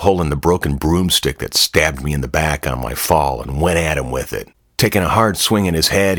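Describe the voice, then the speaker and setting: A man narrating a first-person story in a measured, wry delivery. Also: extremely low pitch, fairly bright tone, no room sound, clean studio sound.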